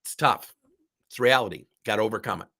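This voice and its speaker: A man's voice: on the low side, fairly quick, creaky, pushed and bright. A man coaching in a recorded workshop talk, sick with a strained voice, speaking in an emphatic, candid way while seated indoors. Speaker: business coach.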